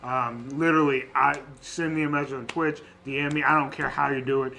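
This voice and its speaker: A man's voice: mid-range voice, steady tone, brisk, gravelly, bright, forceful tone, rough recording. A man co-hosting a podcast, chatting casually about a tabletop game, joking and laughing often. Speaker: podcast co-host.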